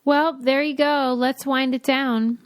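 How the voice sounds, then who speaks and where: A woman's voice: high voice, little pitch movement, takes it slowly, dry recording, studio quality. A woman co-hosting a podcast in casual chat, wry and steering the talk along. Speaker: podcast co-host.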